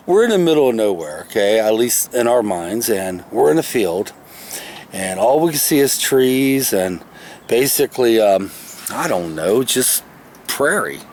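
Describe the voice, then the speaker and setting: A man's voice: medium pitch, big pitch swings, measured pace, slight background noise. A man telling a story from his past in a rambling, folksy, casual way, recording himself outdoors in the shade of a tree. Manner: rambling, folksy, self-correcting. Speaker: vlogger. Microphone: camera he is handling himself.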